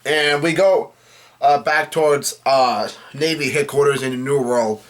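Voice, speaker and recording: This manga chapter recapper has a fairly high, steady voice. He relays the characters' lines plainly during a casual read-through, stopping often to correct himself.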